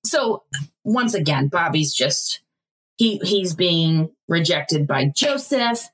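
Lively laughing woman in her thirties. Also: lowish voice, slow, low-quality recording. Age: 30s. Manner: laughs often, swears, acts out characters' lines. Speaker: podcast co-host. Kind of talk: casual chat recapping a TV episode.

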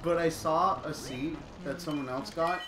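Playing a video game, a young male co-host of a gaming channel tells a laugh-filled, profane story in casual fashion. His voice is a little high with fairly even intonation and a moderate pace; the echoey room has game music and a noisy background.

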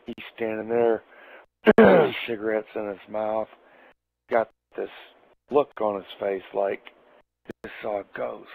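A man's voice: fairly low pitch, creaky. A man telling a casual anecdote in a profane way, laughing as he goes. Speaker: storyteller. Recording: tinny phone-like audio.

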